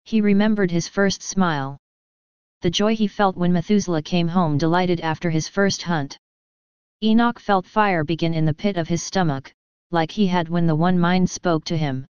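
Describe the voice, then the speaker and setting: A woman's voice: on the low side, moderate pace, a little mellow, clean tone, no room sound, dull audio. A woman reading a storybook aloud in scripted narration, lightly voicing the characters. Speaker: audiobook narrator.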